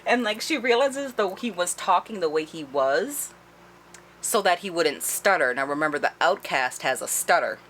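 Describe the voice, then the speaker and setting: Brief: a woman book reviewer with a low voice, animated and swearing freely, in a casual vlog. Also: normal speed, a little hiss or hum. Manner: animated, profane, heavy use of "like".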